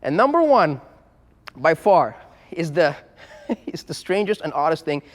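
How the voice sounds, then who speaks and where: A man's voice: a little high, sing-song, unhurried, in a large hall. A man who runs a used car business, talking frankly and bluntly to the camera in a casual vlog and repeating himself as he goes.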